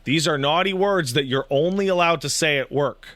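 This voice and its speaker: Bright-voiced man telling a story. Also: on the high side, normal speed, no echo. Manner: animated storytelling, frequent swearing. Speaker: podcast co-host. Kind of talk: casual podcast chat.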